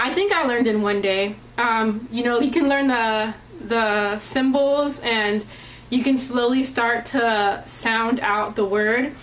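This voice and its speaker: A young woman vlogging in a casual chatty way, with lots of ums and likes, speaking into a camera mic indoors. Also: a little high. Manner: chatty, many ums and likes, laughs often. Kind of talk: casual vlog talk. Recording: echoey room, faint background hum.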